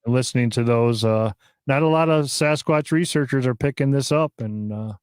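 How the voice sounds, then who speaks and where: A man hosting a live podcast, talking casually and excitedly, with many fillers and restarts. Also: mid-range voice, normal speed, smooth, dry recording, studio quality. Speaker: podcast host.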